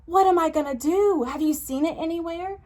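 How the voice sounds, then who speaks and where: A woman's voice: very high-pitched, a little fast, darkish tone, pitched above the performer's own voice. A woman voicing an earnest young male pig in a storybook, breathless, gasping and wide-eyed. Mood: worried. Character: young male pig who lost his tail, earnest and excitable.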